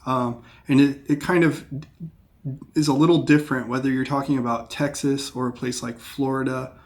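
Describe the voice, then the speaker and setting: A man from Seattle with a General American accent, explaining accents in a casual, hesitant way with many pauses. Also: mid-range voice, steady tone, darkish tone. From Seattle, United States. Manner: plain, hesitant with frequent ums. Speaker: English teacher. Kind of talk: casual educational talk.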